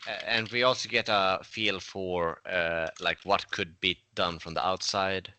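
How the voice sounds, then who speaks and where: A man's voice: low-pitched, fairly even intonation, unhurried, sharp tone, slight background noise. A man playing a tabletop game, talking casually and rambling a bit, swearing now and then. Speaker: player.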